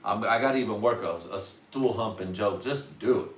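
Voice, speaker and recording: A man's voice: lowish voice, a little fast, distant mic. A man workshopping jokes on a livestream in a rambling, profane, self-doubting way. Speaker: livestream comedian. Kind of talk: casual livestream joke workshopping. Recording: roomy, away from the mic.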